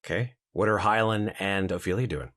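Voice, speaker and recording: A man's voice: low voice, brisk, a bit bright. A man narrating as dungeon master of a tabletop game.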